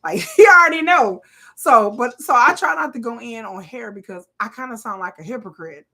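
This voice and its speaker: A woman, hosting a live watch party with blunt, profane, animated casual commentary. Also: a little high, moderate pace. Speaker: live-stream host.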